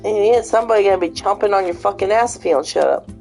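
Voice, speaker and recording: A woman hosting a casual vlog, cursing freely as she tells an animated story. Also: medium pitch, rapid-fire, gravelly, faint music behind. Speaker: vlog host. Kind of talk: casual chat and retelling.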